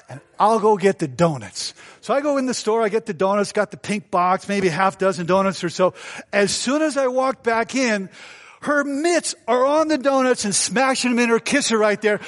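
A male pastor preaching a sermon, telling stories with humor and asking the congregation questions. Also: very high voice. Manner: storytelling, joking, asks the congregation.

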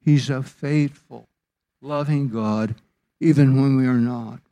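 A man preaching a sermon as pastor, slow and deliberate, lifting his voice for emphasis. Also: mid-range voice, steady tone, mellow.

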